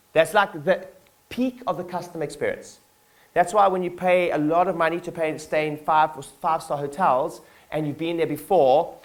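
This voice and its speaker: A man with a fairly high pitch delivers a motivational keynote to his staff in a conference hall. His talk is casual and filler-heavy, and he keeps asking the audience to respond.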